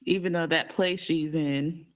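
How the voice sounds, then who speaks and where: A man's voice: a little high, steady tone, a little slow, a bit bright. A man co-hosting a podcast in casual chat, telling stories and acting out the people in them. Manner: storytelling, acts out quoted people. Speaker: podcast co-host.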